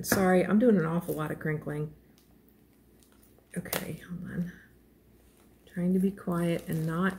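A woman's voice: lowish voice, creaky, background noise. Gushing, rambling woman crafter. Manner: gushing, self-deprecating, rambling with frequent fillers and small laughs. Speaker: crochet vlogger. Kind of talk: casual unboxing chat.

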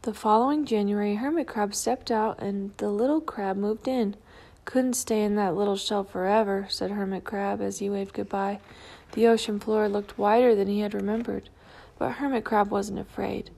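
A woman's voice: mid-range voice, moderate pace. Woman reading a picture book aloud. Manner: calm, clear storytelling. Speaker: storybook reader.

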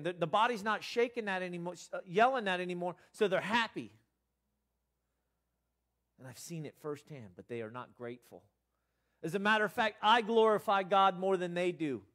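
A man's voice: animated, moderate pace, fairly bright tone. Earnest man preaching with swings in volume. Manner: earnest, rising to emphatic bursts then dropping low. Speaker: pastor. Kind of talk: sermon.

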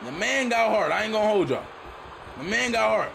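A young man playing a video game and commentating excitedly, repeating himself and shouting at the screen. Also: sits high, a little fast, creaky. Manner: loud, repetitive, often shouting at the game. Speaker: gaming YouTuber. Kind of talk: excited let's-play commentary. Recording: noisy game audio behind.

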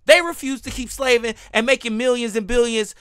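A man's voice: extremely high pitch, brisk, a bit bright, smooth, dry recording, studio quality. A young man giving an angry, profane reaction rant as a commentary YouTuber, breaking into laughter between lines.

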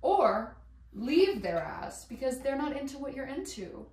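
A woman chatting while she cooks at home, rambling and excitable, swearing casually and laughing as she goes. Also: high voice, unhurried. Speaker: vlogger. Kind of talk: casual cooking vlog chat. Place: home kitchen. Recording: echoey room, voice a bit far from mic.

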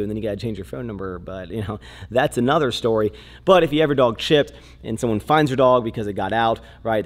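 A man's voice: fairly low pitch, echoey room. A young man vlogging casually, rambling with lots of fillers and breaking into a sponsor read.

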